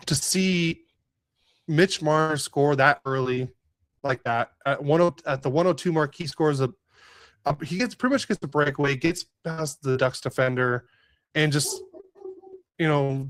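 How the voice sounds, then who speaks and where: A man's voice: fairly high pitch, unhurried, long pauses, no echo. A man co-hosting a casual sports podcast, recapping a hockey game with a rambling, rueful manner, lots of fillers and restarts. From Southern California. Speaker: podcast co-host.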